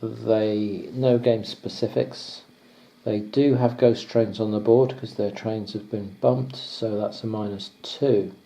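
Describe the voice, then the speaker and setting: Low, mellow-voiced man thinking aloud. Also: fairly even intonation, low-quality recording. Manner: hesitant, many pauses and ums, clears throat. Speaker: board wargame player. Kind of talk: thinking-aloud wargame playthrough.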